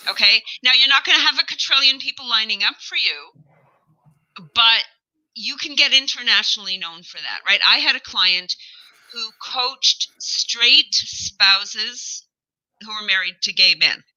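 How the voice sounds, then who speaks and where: A woman guest coach in casual chat, animated and joking, rambling through her points. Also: a little high, measured pace, poor audio.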